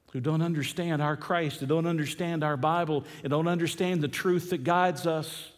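Man preaching, highish voice, drops to a hush then gets loud, echoey church hall. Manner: swings from hushed to loud emphatic preaching, slow repeated phrases. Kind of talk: sermon.

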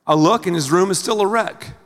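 A middle-aged male pastor preaching a sermon in a theatrical, animated way, acting out everyday scenes. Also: high voice, brisk. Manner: animated, theatrical, acts out scenes with big swings in loudness. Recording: long reverb of a large hall.

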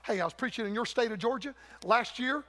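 High-pitched fervent preacher. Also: male voice, fairly quick, fairly bright tone. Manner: fervent, folksy, calls out to the congregation. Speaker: guest preacher. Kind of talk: revival sermon. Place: church sanctuary. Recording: long church hall reverb.

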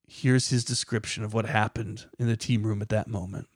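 A man's voice: lowish voice, fairly even intonation, normal speed, slightly rough, dry recording, studio quality. A man hosting a podcast, reading scripted documentary narration with a dramatic, building emphasis. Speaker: podcast host.

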